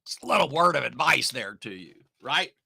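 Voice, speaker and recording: A middle-aged man from Oklahoma coaching online marketers, speaking in a folksy, emphatic way with loud bursts. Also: mid-range voice, very animated, fairly quick, creaky, breathy edge, dry recording. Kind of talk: motivational talk to camera.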